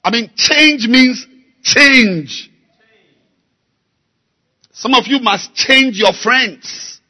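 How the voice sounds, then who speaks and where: A man preaching a sermon, slow and emphatic, repeating key words and building to loud exhortation. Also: extremely high pitch. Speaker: pastor.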